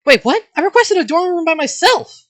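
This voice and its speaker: A man voicing a brash young woman student with a drill-sergeant temper, loud and commanding. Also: high-pitched, wildly swooping pitch, moderate pace, pitched above the performer's own voice, exaggerated voice. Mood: indignant. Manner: loud, commanding, yells a lot. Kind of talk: fan role-play voice acting.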